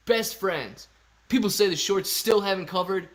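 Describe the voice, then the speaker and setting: A man hosting a casual livestream, reading viewer super chats aloud in a slangy, excitable way with sudden loud bursts. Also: sits high, normal speed. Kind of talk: casual live-stream chat.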